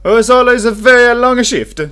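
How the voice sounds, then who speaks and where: A man's voice: very high-pitched, level tone, fairly quick, pushed and bright, clear, resonant tone, voice pushed up. A man voicing an ancient male elevator operator with a hammy, put-on Italian accent, pushy and overfamiliar. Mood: cheerful.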